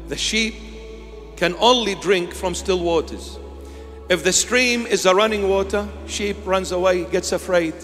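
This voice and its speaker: A man's voice: high voice, a bit bright. Impassioned preaching man in a hall. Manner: impassioned, rhythmic repetition, sometimes sung phrases. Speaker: bishop. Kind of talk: sermon.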